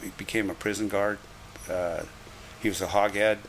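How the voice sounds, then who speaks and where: An older man recounts his years on the railroad with lively, chuckling asides. His voice is bright and forceful, sitting a little low. The storytelling is loose and conversational. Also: moderate pace, slight background noise. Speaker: retired railroad conductor. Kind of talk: reminiscing storytelling.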